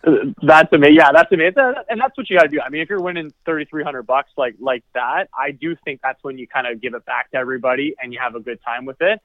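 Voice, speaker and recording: A man talks quickly in a relaxed, rambling way, stumbling over and repeating words as he thinks. His voice comes through a thin, tinny phone line with no room sound at all. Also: a little high, no room sound. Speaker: podcast guest. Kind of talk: casual chat.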